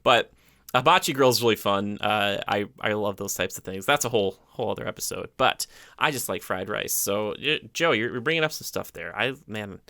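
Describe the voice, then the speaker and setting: A man's voice: fairly low pitch, brisk, pushed and bright, no echo, clean studio sound. A man co-hosting a podcast in casual chat, enthusiastic and rambling, with many fillers. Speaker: podcast co-host.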